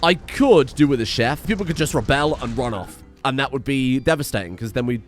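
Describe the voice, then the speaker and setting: A young man giving casual, sweary let's-play commentary while playing a strategy game, animated and self-mocking, with sudden outbursts. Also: mid-range voice, brisk, soft background music. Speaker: gaming YouTuber.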